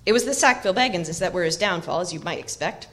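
A woman voicing a clever, loyal young male hobbit in an audiobook reading, brisk and confiding. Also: lowish voice, lively intonation, a bit bright.

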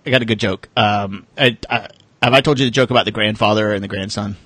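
A man's voice: fairly low pitch, steady tone, fast, bright, forceful tone, dry recording. A man co-hosting a casual sports podcast, laughing often and telling crude jokes. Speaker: podcast co-host.

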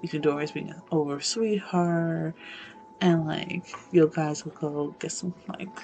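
A woman's voice: sits low, fairly even intonation, unhurried, vocal fry, dark tone, lo-fi sound, faint music behind. A young woman in casual chat, rambling with many fillers and swearing freely.

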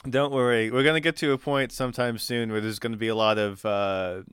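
A man narrating as game master of a tabletop game, halting with fillers and restarts. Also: medium pitch, steady tone, a bit bright, clear, resonant tone, no room sound.

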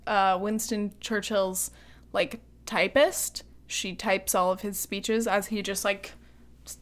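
A woman's voice: mid-range voice, fairly bright tone. A young adult woman co-hosting a podcast in casual chat, chatty and giggly, with lots of ums and likes. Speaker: podcast co-host.

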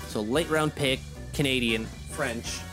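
A man's voice: medium pitch, measured pace, over music. A man co-hosting a podcast, talking in a chatty, rambling way and correcting himself as he goes. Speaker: podcast co-host. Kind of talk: casual podcast chat.

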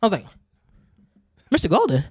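Animated storytelling man, fairly high voice. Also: normal speed, breathy edge, no echo, studio quality. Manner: animated, acts out both sides of conversations, laughs often. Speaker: podcast co-host. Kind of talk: casual storytelling chat.

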